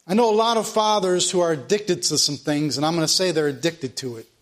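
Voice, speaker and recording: A man's voice: on the high side, brisk. A pastor giving a sermon to his congregation, reading scripture aloud and driving his points home with repetition.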